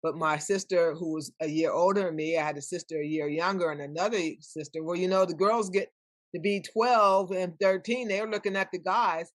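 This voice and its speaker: Older woman telling lively stories. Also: fairly low pitch, fairly quick, no room sound. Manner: animated, acts out quoted voices. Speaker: guest. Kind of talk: storytelling in conversation.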